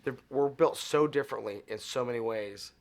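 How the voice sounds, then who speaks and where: Here a middle-aged Arizona man, guesting on an interview, tells stories in casual conversation. His mid-range voice moves at a normal speed, and he animates each tale by acting out the characters' voices.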